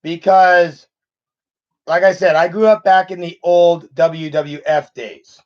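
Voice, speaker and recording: Slow-talking man in his thirties, high voice. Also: fairly even intonation, dull audio. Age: 30s. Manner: rambling, with frequent restarts. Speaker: channel host. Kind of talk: casual live Q&A chat.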